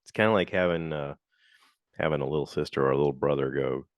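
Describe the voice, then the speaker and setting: Talking fast over a clean, echo-free studio recording, a man runs his own casual podcast. He rambles through reviews, full of fillers, and performs quotes in high-pitched voices.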